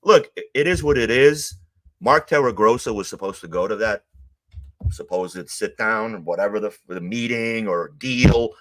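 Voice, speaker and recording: A man from Queens, telling stories in a casual interview, animated and acting out the quotes of others. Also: lowish voice, normal speed. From Queens, New York. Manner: animated, acts out quotes, swears. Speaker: guest, former mob associate.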